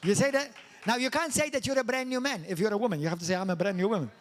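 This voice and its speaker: A middle-aged man from Malta preaches in a church hall, his voice sitting high for a man. He is animated and throws questions at the congregation, then climbs into playful, mocking high voices. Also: racing, slight background noise. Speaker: pastor. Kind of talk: sermon.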